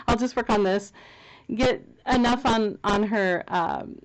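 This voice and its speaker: A woman's voice: on the high side, big pitch swings, slow. A woman chatting casually and giggling as she walks through a craft project in a home video. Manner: chatty, giggly, self-amused. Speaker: crafting vlogger. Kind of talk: casual knitting tutorial chat.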